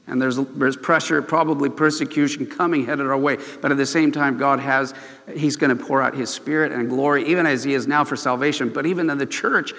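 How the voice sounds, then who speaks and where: A man preaching a sermon as pastor, his voice rising and swelling when he reads scripture aloud. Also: big-room sound. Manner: expressive preaching, swells in pitch and volume when reading scripture.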